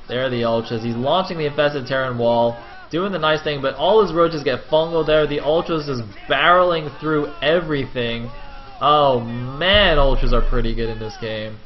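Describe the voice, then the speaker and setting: A man giving solo play-by-play commentary on a strategy game, chatty and quick, turning loud and excited in big fights. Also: on the high side. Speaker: esports caster. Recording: dull lo-fi recording.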